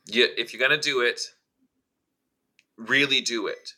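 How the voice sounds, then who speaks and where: A man's voice: medium pitch, fairly even intonation, unhurried, bright, forceful tone. A man co-hosting a casual chat, blunt and emphatic, swearing freely.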